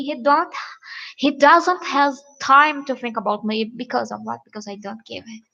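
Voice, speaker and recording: A woman relationship coach giving earnest advice in a halting, repetitive vlog manner. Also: a little high, steady tone, creaky, bright, forceful tone, muffled recording.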